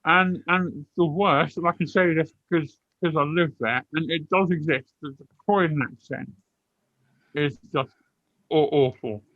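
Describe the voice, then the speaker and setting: A man's voice: on the high side, measured pace, no room sound. A man who is a stand-up comedian, chatting in a casual, self-deprecating, joking way over a video call. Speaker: stand-up comedian on a panel show. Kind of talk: casual comic chat. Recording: dull, muffled video call audio.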